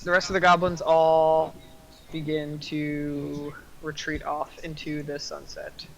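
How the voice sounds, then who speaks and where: A man's voice: on the high side, monotone, takes it slowly, vocal fry, dull audio, a little hiss or hum. A man running a tabletop game as game master, narrating casually with many fillers.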